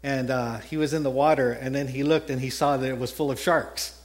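A man's voice: medium pitch, steady tone, brisk. A man with a Texan accent, a pastor giving a conversational sermon that mixes scripture with a personal story, often correcting himself mid-sentence. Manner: conversational, self-correcting, chuckles at his own stories.

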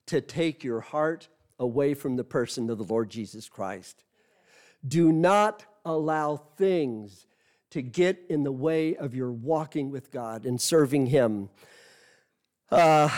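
A man's voice: a little high, darkish tone. A man preaching a sermon as a missionary, telling a story earnestly and repeating phrases for emphasis.

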